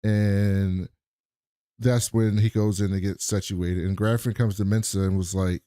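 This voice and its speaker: Animated man recapping a show, dry mic. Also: lowish voice, measured pace, clear, resonant tone, no room sound. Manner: animated retelling with laughs. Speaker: podcast co-host. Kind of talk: casual TV recap chat.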